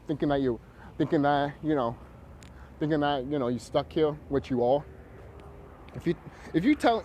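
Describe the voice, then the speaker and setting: Male vlogger, rambling combative rant, heavy swearing, low warm tone. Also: slight background noise. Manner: profane, confrontational, full of fillers.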